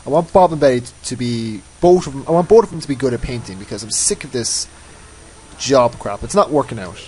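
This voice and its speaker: A man's voice: mid-range voice, expressive, a little fast, darkish tone, slight background noise, rough recording. A man giving casual, rambling commentary over his own gameplay, often mocking himself. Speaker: let's play host.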